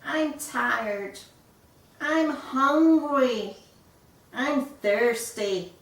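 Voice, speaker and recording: A woman's voice: high voice, extremely slow, gravelly, pitched above the performer's own voice, full character voice. A woman voicing a grumpy, whining little male kookaburra chick in a storybook reading. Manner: whining, complaining. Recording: echoey room, voice a bit far off.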